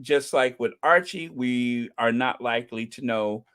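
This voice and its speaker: A man's voice: medium pitch, unhurried, a bit bright, clean tone, dry recording, studio quality. A man hosting a podcast, chatting casually and reading out viewer comments, with frequent ums and uhs and repeated phrases for emphasis. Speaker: podcast host.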